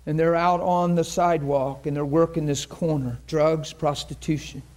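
A man's voice: on the high side, fairly even intonation, normal speed, darkish tone. A man preaching a sermon to a congregation, telling a story in an earnest, conversational way and acting out the voices of the people in it. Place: church in front of a congregation.

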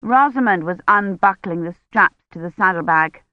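A woman narrating an audiobook in a measured, steady reading. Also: on the low side, no echo. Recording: dull dry audiobook recording.

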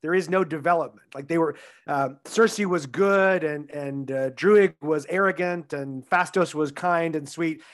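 A man co-hosting a podcast, explaining his view of a film in a measured, casual way. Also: on the high side. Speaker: podcast co-host. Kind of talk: casual film review chat.

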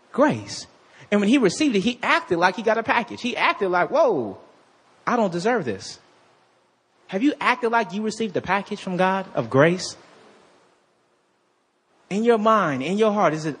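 Preaching a sermon with an animated delivery, this pastor's voice is husky and high-pitched. He reads scripture slowly and trades call-and-response with the crowd, calling out to the congregation for answers.

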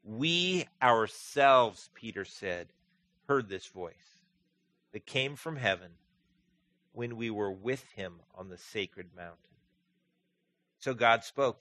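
A man preaching a sermon as pastor, earnest, rising to emphatic peaks and dropping low and quiet for scripture. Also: slow pace.

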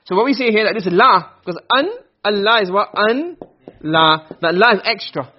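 Brisk, husky-voiced male teacher, on a muffled lo-fi recording, drilling students with questions. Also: high-pitched, animated. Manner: quizzing students with quick questions. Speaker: Arabic grammar teacher. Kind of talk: classroom lesson.

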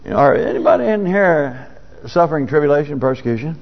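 Folksy and conversational, this church preacher talks a little fast in a slightly high, gravelly, animated voice that suddenly climbs now and then. It's captured in a dull, lo-fi recording with a long reverb tail.

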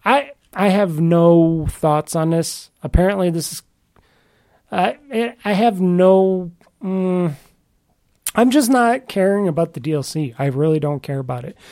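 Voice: medium pitch, measured pace, a little mellow. A podcast host in a casual solo chat about games, rambling and often restarting sentences, with an offhand, mildly grumbling manner.

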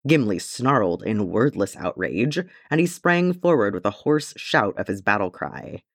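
Brief: male audiobook reader, expressive storyteller, animated delivery. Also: lowish voice, measured pace, no room sound, clean studio sound. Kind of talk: fan-fiction audiobook narration.

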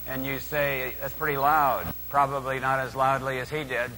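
A man's voice: medium pitch, normal speed, few pauses. Older preacher man in a reverberant hall. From California's San Joaquin Valley. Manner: dramatic, swings from hushed to loud. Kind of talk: sermon storytelling.

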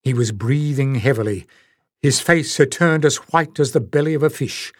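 A man reading fantasy audiobook narration in a measured, dramatic way. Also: mid-range voice, no echo, studio quality.

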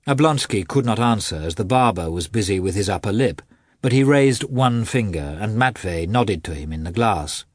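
A man narrating a classic novel as an audiobook, reading in a measured, expressive way with a husky voice. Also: fairly low pitch, no room sound, clean studio sound.

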